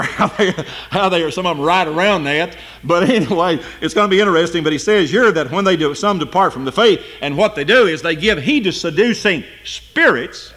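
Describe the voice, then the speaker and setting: Preacher guy, brightish higher voice, swoops up loud then drops quiet. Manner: preaching with rising shouted emphasis, then dropping to quiet asides. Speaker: pastor. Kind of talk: sermon.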